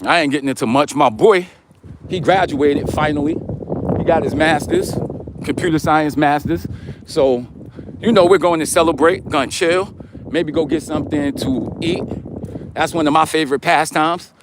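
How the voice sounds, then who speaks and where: High-voiced New man chatting. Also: moderate pace, noisy background. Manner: slangy, repetitive, talks straight to viewers. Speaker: livestream host. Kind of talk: casual chat to a live chat.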